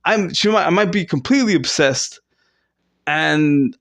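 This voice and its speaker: A man's voice: expressive, unhurried, gravelly, fairly bright tone. A man rambling through an improvised, self-mocking comedy monologue, with fillers and restarts. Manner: rambling, self-mocking, with sudden squeaky fake sobbing. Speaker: comedy vlogger. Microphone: close to camera.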